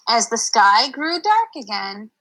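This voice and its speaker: A woman's voice: fairly high pitch, big pitch swings, unhurried, a bit bright, low-quality recording. A young adult woman reading a picture book aloud to children on a livestream, stopping to explain words in a chatty way.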